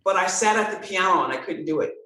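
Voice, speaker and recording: A woman guest telling a story in an interview, animated and acting out the dialogue. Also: lowish voice, fast, far from the mic. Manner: animated, expressive storyteller who acts out dialogue. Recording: roomy sound, from off-mic.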